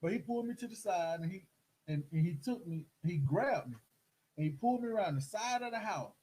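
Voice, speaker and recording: A middle-aged man telling a story in casual chat, animated and acting out the voices of the people in it. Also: high-pitched, fairly quick, breathy edge, rough recording. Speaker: host.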